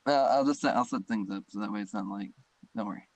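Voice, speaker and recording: A man's voice: fairly low pitch, fast talker, no room sound, poor audio. A man co-hosting a casual podcast, telling stories in a rambling way with many "like" and "um" fillers and setting up the next topic. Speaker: podcast co-host. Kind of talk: casual chat among friends.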